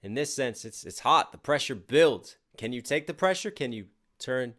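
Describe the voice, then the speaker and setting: A man's voice: mid-range voice, lively intonation, moderate pace, fairly bright tone. A man hosting a music reaction channel, chatting casually and eagerly picking apart the lyrics as he thinks aloud.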